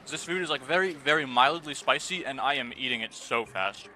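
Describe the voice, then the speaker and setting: A man's voice: medium pitch, expressive, fairly quick, bright, forceful tone, slight background noise. A young man streaming from his room, chatting casually with his viewers, swearing offhand and talking to his pet. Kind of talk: casual live-stream chat. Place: home room. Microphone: desk microphone with noise gate.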